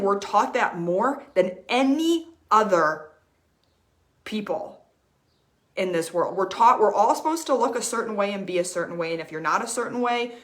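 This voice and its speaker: A woman life coach speaking earnestly on a live stream, repeating phrases for emphasis as she shares a personal story. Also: mid-range voice. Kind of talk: personal motivational talk. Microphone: streaming mic.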